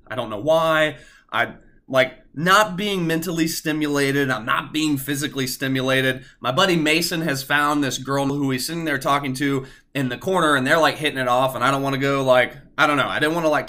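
Young male podcast host, solo monologue; lively, swear-heavy storyteller with a bright, forceful, mid-pitched voice. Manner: animated, profane, talks about himself in third person. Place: his apartment, indoors.

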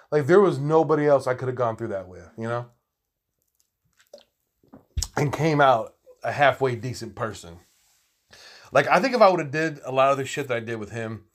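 Profane rambling man telling stories. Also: mid-range voice. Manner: profane, rambling, animated, laughing asides. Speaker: storyteller. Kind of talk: casual storytelling monologue.

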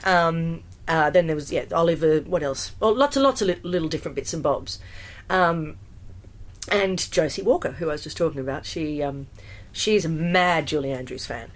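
A woman, a musical theatre performer chatting in an interview, animated and full of fillers and restarts. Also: deep voice, moderate pace. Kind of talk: casual interview storytelling.

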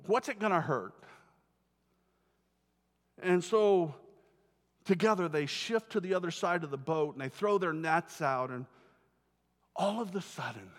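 A man preaching a sermon, telling the story with lively acted-out voices and frequent word repeats. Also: on the high side. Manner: animated storytelling, acts out quoted voices, repeats words. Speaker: pastor. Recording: long hall reverb.

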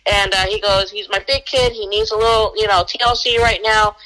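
A woman's voice: medium pitch, fairly even intonation, brisk, bright, forceful tone, low-quality recording. A woman telling a personal story as a guest in a casual conversation, acting out the quoted lines. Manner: acts out quoted dialogue.

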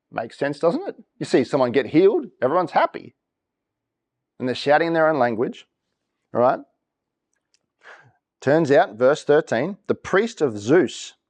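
A man preaching a sermon, reading verses and quizzing the congregation for reactions. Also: fairly high pitch. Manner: lively, asks congregation for reactions. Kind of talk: interactive sermon. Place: church.

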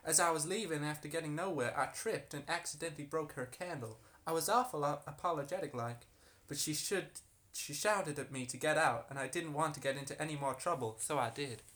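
A man's voice: a little high, a little fast, hardly any pauses, a bit bright, natural voice. A man putting on a sly folksy harlot. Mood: aggrieved. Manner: folksy drawl, sugary and sly. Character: flirty woman town harlot accused of witchcraft.

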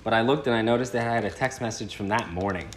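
A young man on a casual podcast, telling a story in a relaxed, halting way. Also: on the low side, slight background noise. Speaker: podcast guest.

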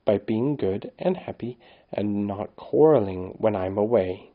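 A man voicing a worried, loving mother in a storybook reading, speaking low, soft and tender. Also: animated, a little slow, phone-quality sound.

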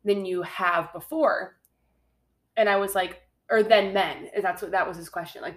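A woman's voice: mid-range voice, normal speed. A woman in her twenties co-hosting a podcast, chatting casually and rambling with many fillers. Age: 20s. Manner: rambling, heavy use of "like", laughs often. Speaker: podcast co-host.

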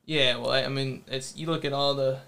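A man's voice: medium pitch, steady tone, brisk, creaky, pushed and bright, smooth. Male podcast co-host, mid-range voice, easygoing and jokey. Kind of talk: casual chat.

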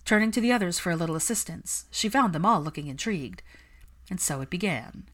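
A woman narrating a fan fiction story in a steady, even reading voice, close to the microphone. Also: lowish voice, brisk.

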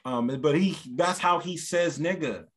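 A man co-hosting a podcast in casual chat, animated and given to acting out other people in a high voice. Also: a little slow. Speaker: podcast co-host; stand-up comedian.

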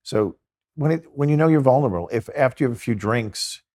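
A man's voice: medium pitch, animated, fairly quick, a little mellow. A man, a Catholic priest and exorcist, talking earnestly in an interview and telling stories with quoted dialogue. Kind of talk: conversational interview storytelling.

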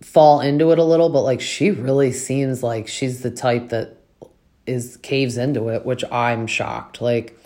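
A talkative podcast host recapping reality TV in loose, casual chat. The voice sits at an ordinary middle pitch. The host sounds frank and opinionated and leans on filler words throughout. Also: fairly even intonation, measured pace, darkish tone. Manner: chatty and opinionated, with many "like" fillers.

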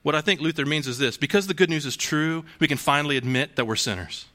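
A man's voice: on the high side, fast talker, sharp tone. A man preaching a sermon to a congregation in a conversational way, asking rhetorical questions and restarting phrases. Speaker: pastor.

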